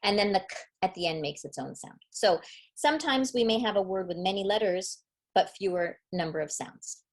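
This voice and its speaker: A woman's voice: medium pitch, lively intonation, normal speed. A middle-aged woman teaching a parenting webinar on early reading, upbeat and demonstrative, explaining step by step. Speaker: literacy educator.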